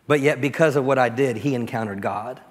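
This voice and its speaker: A pastor giving a storytelling sermon, dropping to a soft, quiet voice when he prays. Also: mid-range voice, fairly quick. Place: church sanctuary. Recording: long church reverb.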